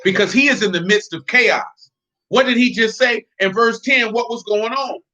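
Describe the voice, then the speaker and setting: A man's voice: high-pitched, normal speed, pushed and bright, low-quality recording. A man preaching in a loose, conversational way, joking and talking straight to his congregation. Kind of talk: conversational sermon.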